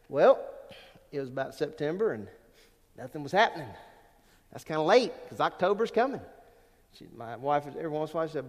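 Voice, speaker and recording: An older male pastor with a fairly high voice delivers a folksy sermon, swinging from chatty asides up to emphatic, ringing peaks. His voice carries a long reverb, as if in a church hall. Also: expressive, normal speed, a little mellow.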